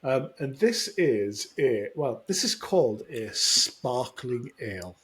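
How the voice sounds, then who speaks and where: A man co-hosting a casual podcast chat, rambling and self-deprecating with halting restarts. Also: mid-range voice, very animated, a bit bright. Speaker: podcast co-host.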